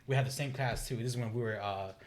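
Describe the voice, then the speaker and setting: A man's voice: mid-range voice, fast talker, slight background noise. A man in his thirties, a podcast guest, telling casual stories with lots of swearing and laughter and acting out what people said. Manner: animated, acts out quoted dialogue, swears and laughs often. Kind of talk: casual chat, storytelling.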